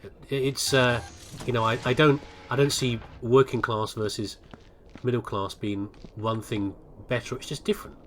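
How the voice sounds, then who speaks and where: Talking over gameplay, this older English gaming host wanders casually from point to point, puts himself down, and frequently breaks off to begin a sentence again. He speaks in a steady mid-range voice at a moderate pace. There's slight hiss or hum in the recording.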